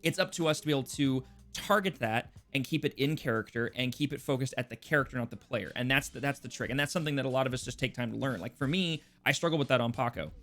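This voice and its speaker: A man from California hosting a podcast, chatting casually, quick to agree and thoughtful. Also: mid-range voice, fairly bright tone, faint music behind. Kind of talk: casual chat.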